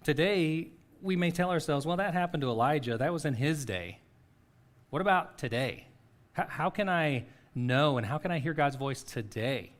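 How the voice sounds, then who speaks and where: Middle-aged male pastor, sermon, earnest questioning delivery, soft and paused when guiding reflection. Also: a little high, animated. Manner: soft-spoken guided reflection, pauses between phrases.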